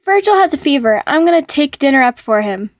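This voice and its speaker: A woman doing a high, sweet caring young man. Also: expressive, fairly quick, no room sound, studio quality. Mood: bright.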